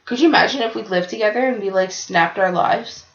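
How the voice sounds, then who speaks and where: A woman's voice: medium pitch, a little fast. A young woman co-hosting a podcast, chatting loosely with swearing and easy laughs. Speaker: podcast co-host. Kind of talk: casual chat. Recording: roomy, dull lo-fi podcast sound.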